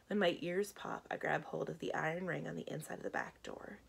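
A woman librarian reading a children's chapter book aloud with steady storytelling. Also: sits low, a little fast, creaky, hardly any pauses, slightly rough.

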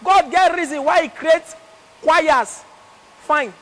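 Over a roaring crowd in a noisy venue, the young Nigerian Pidgin-accented comedian tells stories slowly in a very high voice. His live stand-up set is chatty and full of teasing.

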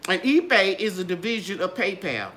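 An older woman hosting a gardening channel, chatting in a live Q and A with a lively, sing-song delivery. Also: moderate pace. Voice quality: bright, trained singer's voice. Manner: animated, sing-song ups and downs in pitch. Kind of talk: live Q and A chat.

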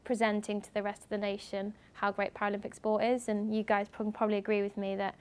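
A young woman from England giving a lively talk to students at a university as a guest speaker, acting out what other people said as she tells her stories. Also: medium pitch, quick pace, clean tone. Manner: animated storytelling, acting out others' lines. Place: university lecture room.

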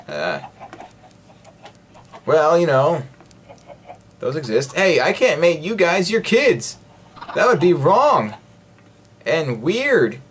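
A man's voice: mid-range voice, fairly bright tone, slight background noise. A man giving rambling, jokey commentary while he plays a video game, talking to himself and his viewers. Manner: rambling, jokey self-talk; breaks into playful singing. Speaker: gaming video host. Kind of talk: casual let's-play commentary.

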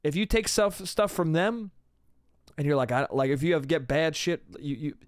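Young male comic, solo podcast ramble, raised pitch, dead-dry close mic, loose and profane. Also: lively intonation, moderate pace, no room sound. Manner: rambling, casual, swears a lot, trails off with "I don't know". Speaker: podcast host. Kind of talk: solo comedic podcast monologue.

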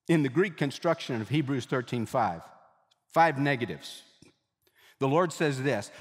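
A middle-aged man preaching a sermon as a pastor, emphatic, slowing and dropping low on key words and repeating phrases for emphasis. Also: animated, big-room sound.

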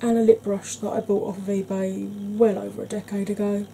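Lady talking softly through her makeup, mellow voice, faint hiss behind. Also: medium pitch, little pitch movement, fairly quick, creaky. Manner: chatty, gentle, dotted with "darling". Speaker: beauty vlogger. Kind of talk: soft-spoken ASMR makeup tutorial.

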